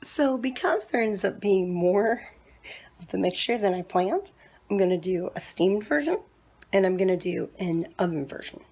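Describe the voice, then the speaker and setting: A woman's voice: medium pitch, lively intonation, moderate pace, darkish tone. A woman chatting casually as she cooks in her home kitchen, tossing in self-mocking asides. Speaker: home cook. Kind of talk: casual cooking vlog.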